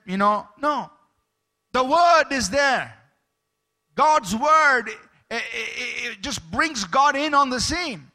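A man's voice: very high-pitched, expressive, takes it slowly, sharp tone. A man preaching a sermon as pastor, emphatic, stopping to ask the congregation for amens.

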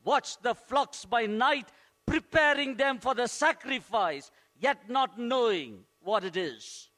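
Male pastor, very high and bright voice, earnest sermon with emphatic repetition. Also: lively intonation, takes it slowly.

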